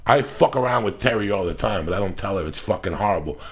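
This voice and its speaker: Gravelly low-voiced profane podcast host. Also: male voice, lively intonation, fast talker. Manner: profane, emphatic storytelling. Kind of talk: casual podcast rant.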